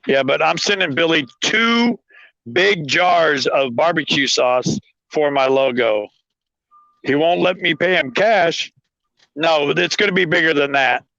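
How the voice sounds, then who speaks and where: A man talking eagerly on a live video call, his voice gravelly and bright with edge. He rambles and laughs as he goes. The sound is muffled and lo-fi. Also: a little high, a little slow, no room sound. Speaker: guest homesteader. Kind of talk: casual live-stream chat.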